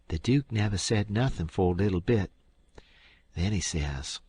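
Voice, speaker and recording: A man reads an audiobook in a plain, folksy storytelling way. His voice is very low and husky. The sound is dry and close-miked. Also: lively intonation, moderate pace, darkish tone, dry recording. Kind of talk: audiobook narration.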